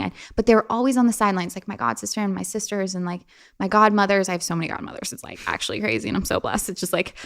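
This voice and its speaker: A young woman, a podcast guest, telling a personal story in a casual, chatty way, with lots of "like" fillers and restarts. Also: mid-range voice. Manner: chatty, many "like" fillers and restarts, laughs often.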